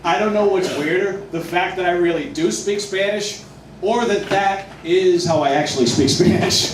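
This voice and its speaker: A man doing a stand-up comedy set in a restaurant, with self-deprecating, animated delivery. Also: high-pitched, normal speed. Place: restaurant, indoors. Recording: echoey room, distant mic, noisy.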